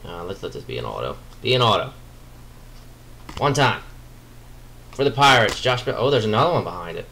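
A man with a fairly low voice talks his way through a card break, chatty and easily excited, muttering small asides as he opens each pack. A faint hum of room noise sits behind him. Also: fairly quick, creaky. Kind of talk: live card-break commentary.

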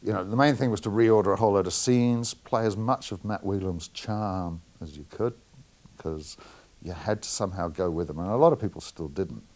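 This is a middle-aged New man whose low voice carries a gravelly edge and sounds a little mellow at normal speed. Interviewed as a film editor, he answers frankly with plenty of anecdotes and chuckles often.

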